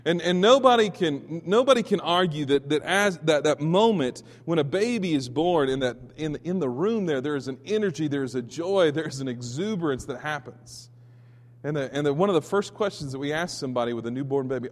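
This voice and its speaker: A man from Texas preaching a Sunday sermon in a somewhat high voice. He tells stories with many restarts and jumps to sudden loud peaks. His voice rings with the long reverb of a church hall. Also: animated, a little fast. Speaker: pastor.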